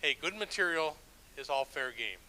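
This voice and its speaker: Bright-voiced male church elder preaching. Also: fairly high pitch, lively intonation, normal speed, slight background noise, low-quality recording. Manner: conversational, self-deprecating, frequent restarts. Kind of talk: sermon with storytelling.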